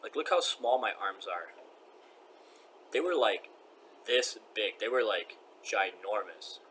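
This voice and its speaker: A man's voice: on the low side, expressive, slow, pushed and bright, slight background noise. An upset man venting in a personal vlog rant, agitated, rambling and repeating himself.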